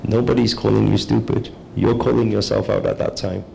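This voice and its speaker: A man giving a calm, measured spiritual talk, speaking slowly and deliberately as a teacher. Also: fairly low pitch, creaky, a little hiss or hum, rough recording.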